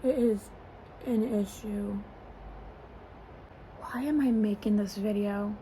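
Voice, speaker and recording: A woman's voice: medium pitch, fairly even intonation, slow pace, mellow, a little hiss or hum, rough recording. A young woman rambling and gushing about her celebrity crush in a casual get-ready-with-me vlog, filmed on a phone as if on a video call. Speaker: vlogger. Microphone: phone camera, as on a video call.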